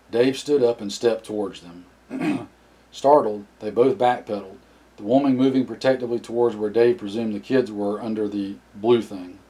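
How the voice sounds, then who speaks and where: A man reading a novel aloud as narrator, often clearing his throat. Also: fairly low pitch, moderate pace, warm tone, rough recording. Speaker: audiobook narrator.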